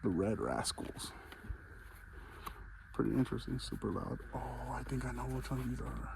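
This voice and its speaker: A man vlogs his casual walk through a large fireworks store indoors, panting a bit yet chatting excitedly. His voice is medium-pitched and creaky, his speed normal, and the setting is noisy.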